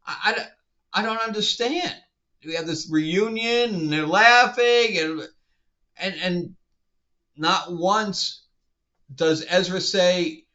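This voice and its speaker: A frustrated man talks through a show review in a bright, edgy voice, sarcastic and rambling. The recording sounds dull and lo-fi. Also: high-pitched, slow pace. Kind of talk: casual review vlog.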